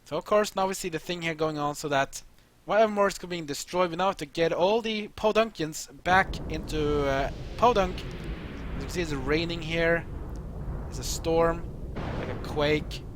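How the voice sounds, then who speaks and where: A man's voice: a little high, normal speed, slight background noise. A man hosting a let's play, casually explaining the story as he plays and reading game text aloud. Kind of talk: gameplay commentary.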